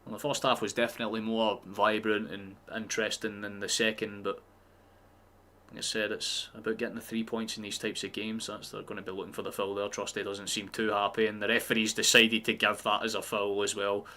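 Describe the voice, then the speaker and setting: A man's voice: fairly low pitch, little pitch movement, fairly quick, pushed and bright. A man streaming a live football watchalong, chatting casually and swearing freely as he reacts to the match.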